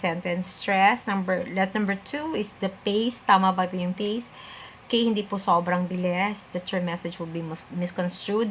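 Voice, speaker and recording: A woman's voice: mid-range voice, fairly bright tone, a little hiss or hum. Filipino woman teaching communication skills. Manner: explains step by step, uses polite "po". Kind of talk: instructional lesson mixing English and Tagalog.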